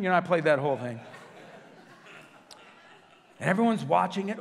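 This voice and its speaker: A man preaching a sermon as senior pastor, joking and telling stories with quick self-corrections, in a church sanctuary. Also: a little high, gravelly, in a large hall. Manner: jokey, animated storytelling with self-corrections.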